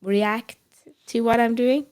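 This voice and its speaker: A middle-aged woman, co-hosting a podcast and telling an animated story with restarts and laughter. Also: a little high, slow. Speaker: podcast co-host. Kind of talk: casual chat.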